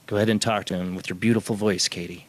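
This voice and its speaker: Friendly stammering American man, lower voice. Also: fairly even intonation, fast, background noise. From United States. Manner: friendly, laughs often, stammers at starts. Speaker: host of a call-in spirit-box show. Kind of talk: casual live-stream chat.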